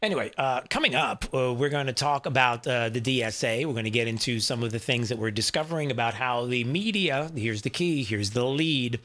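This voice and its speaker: A man's voice: medium pitch, brisk, few pauses, sharp tone. A man hosting a talk radio show in a studio, rambling casually with many fillers and asides to his producer.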